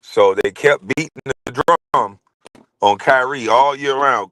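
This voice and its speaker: A man's voice: medium pitch, unhurried, fairly bright tone, no echo, rough recording. A man in his forties hosting a casual commentary show, talking in a blunt, rambling and heated way. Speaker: show host.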